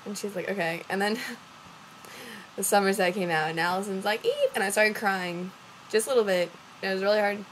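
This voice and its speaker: A woman's voice: medium pitch, steady tone, moderate pace, pauses often, slight background noise, low-quality recording. A young woman from Louisiana telling a long story to her camera, rambling with lots of fillers and acting out what others said. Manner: rambling, acts out quoted voices, many fillers. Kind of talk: casual storytelling vlog.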